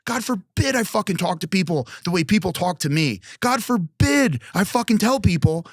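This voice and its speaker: A man's voice: high voice, normal speed, no echo, studio quality. Blunt, profane man telling stories. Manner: blunt, profane, animated storytelling. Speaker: guest, restaurant founder. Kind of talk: casual podcast interview.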